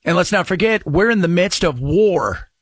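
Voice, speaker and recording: A man's voice: expressive, moderate pace, noisy background. Sarcastic talk radio host, man. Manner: sarcastic, mocking shouts into a high voice. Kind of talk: opinionated talk radio monologue.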